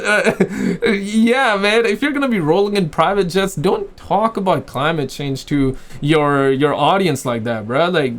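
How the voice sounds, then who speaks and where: A man's voice: high-pitched, moderate pace, hardly any pauses. A man doing reaction commentary on games news, ranting and mocking in heavy slang, saying "bro" over and over. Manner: animated, slangy, says "bro" constantly; mocking, exasperated rants. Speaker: gaming commentator.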